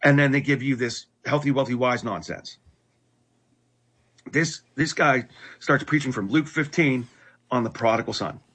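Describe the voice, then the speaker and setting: A middle-aged man earnestly telling his life story in conversation, halting and restarting often. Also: mid-range voice, fairly bright tone, slightly rough. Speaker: guest telling his testimony.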